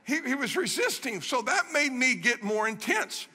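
High, bright-voiced preacher in a big hall. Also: male voice, normal speed, slight background noise. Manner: animated storytelling, repeats phrases for emphasis. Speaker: guest preacher. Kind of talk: sermon. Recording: long reverb of a large hall.

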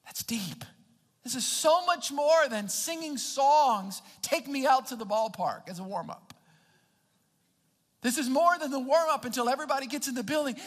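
A man preaching a sermon as pastor, halting and repeating his words as he speaks straight to the congregation. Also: very high-pitched, lively intonation, a bit bright, big-room sound.

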